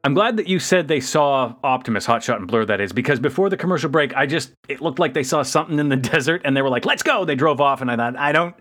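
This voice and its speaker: Man, podcast co-host, rambling casual recap, mid pitch, animated quotes. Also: fast, hardly any pauses, soft background music. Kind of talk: casual chat recapping a cartoon episode.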